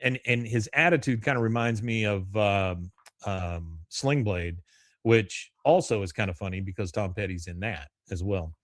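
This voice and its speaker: A man's voice: fairly low pitch, normal speed, no echo, studio quality. A man hosting a podcast, casually recapping an episode in a rambling way and acting out lines as he goes. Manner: rambling storyteller, acts out the lines. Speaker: podcast host.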